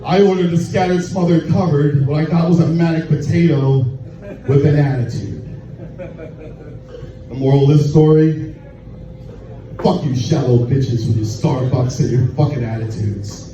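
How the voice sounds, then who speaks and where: A man doing crude stand-up at a bar open mic, telling a raunchy story in a deadpan way. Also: mid-range voice, measured pace, pauses often, crowd noise. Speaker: stand-up comedian. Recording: echoey, distant, muffled room recording with noise.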